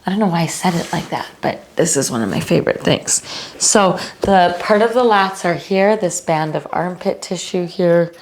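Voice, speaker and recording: A woman teaching a restorative yoga class, giving calm, unhurried cues with casual fillers. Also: lowish voice, a little hiss or hum. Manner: slow, calm cueing with fillers. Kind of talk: guided yoga instruction.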